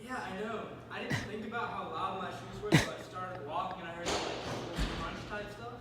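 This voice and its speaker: High-voiced man, far off in booming echo. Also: fairly even intonation, moderate pace, a loud crowd. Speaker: friend in the game. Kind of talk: casual chat.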